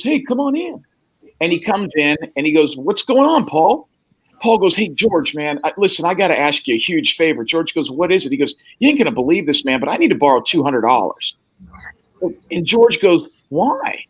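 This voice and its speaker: A man's voice: high-pitched, fairly bright tone, slightly rough, dry recording, low-quality recording. A man telling a wild story in a casual chat, acting out the other people's lines and swearing freely. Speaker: podcast guest.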